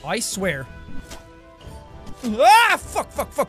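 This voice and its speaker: A young Irish man giving energetic let's-play commentary, swearing constantly and yelping and cheering at the game. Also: very high-pitched, slow, long pauses, shouting, soft background music. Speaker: gaming YouTuber.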